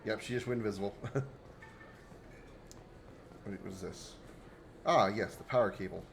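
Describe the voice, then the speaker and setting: A man's voice: on the low side, normal speed, a little hiss or hum, rough recording. Joking male game streamer. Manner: joking, rambling, chatty with chat. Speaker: livestreamer. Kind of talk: casual gameplay commentary.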